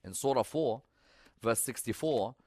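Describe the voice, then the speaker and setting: A man preaching a sermon, moving between loud, urgent exhortation and soft, intimate storytelling, and reciting Arabic scripture in a quick chanting lilt. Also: mid-range voice, expressive, dry recording. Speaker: religious preacher.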